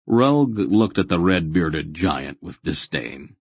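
Man, audiobook narrator, husky voice, dry close recording. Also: deep voice, lively intonation, takes it slowly, no echo.

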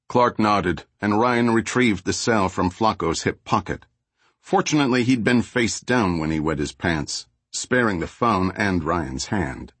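A man narrating an audiobook thriller in a steady, even storytelling voice. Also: deep voice, a little slow, breathy edge, no echo. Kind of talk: scripted narration.

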